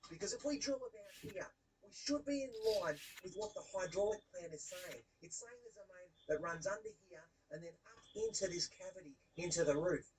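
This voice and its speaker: A woman working as a leak-detection tradesperson, chatting excitably through an on-the-job video and calling her viewers mate. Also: fairly low pitch, a little fast, distant mic, rough recording. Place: indoors under a shopping centre building.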